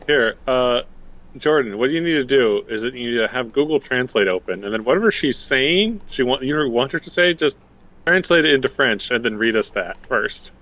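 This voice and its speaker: A man's voice: medium pitch, animated, moderate pace, fairly bright tone. A man playing in a tabletop game, rambling loosely in character with lots of fillers and laughs. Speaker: player.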